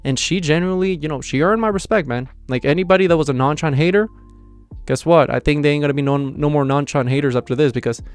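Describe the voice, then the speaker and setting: A man's voice: fairly high pitch, quick pace, clean tone, faint music behind. A young man giving a casual, rambling manga chapter review, with plenty of fillers and enthusiasm.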